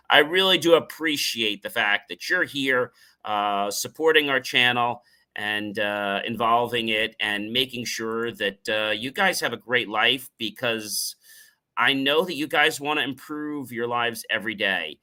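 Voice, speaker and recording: With a sharp, ringing, medium-pitched voice, this middle-aged show host leads a motivational talk show. His delivery is energetic, and he repeats key phrases to drive them home. At times he slips into acted demonstrations of various vocal tones.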